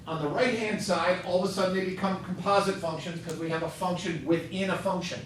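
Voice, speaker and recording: A man's voice: sits high, fairly even intonation, a little fast, slight background noise. A male math teacher lecturing a class, quizzing students with upbeat joking asides. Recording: echoey classroom, mic far off.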